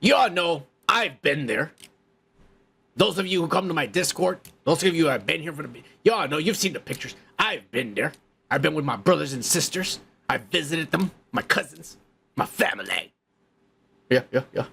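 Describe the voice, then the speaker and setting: A man's voice: fairly high pitch, lively intonation, normal speed, creaky, sharp tone, slightly rough. A male podcast host ranting in crude, heated commentary, swearing and repeating himself.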